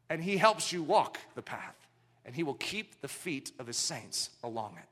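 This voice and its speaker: A middle-aged man preaching a sermon, swinging from loud declarations down to hushed, low passages. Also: big pitch swings, moderate pace.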